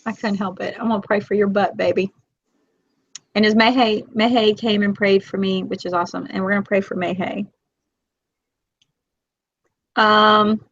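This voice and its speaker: A woman in her forties hosting a casual live chat, talkative and emotional, quick to tear up. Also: medium pitch, a bit bright, dry recording. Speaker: host. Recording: dull, lo-fi, dry.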